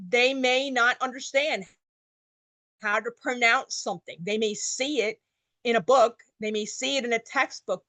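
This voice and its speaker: A woman leads an online workshop in a fairly high voice, walking through each point plainly and restating it in new words. She is getting over a cold, and her voice sounds close and dry with no room around it. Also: a bit bright, dry recording. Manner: plain, explanatory, repeats points in other words. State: getting over a cold, coughing now and then. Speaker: workshop presenter.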